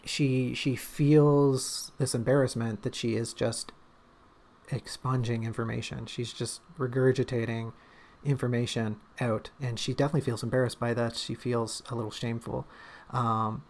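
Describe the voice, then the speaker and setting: A man's voice: mid-range voice, level tone, normal speed, vocal fry, darkish tone. A man talking casually on a livestream about his writing draft, thinking aloud with lots of fillers and restarts. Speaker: writer discussing his draft on stream.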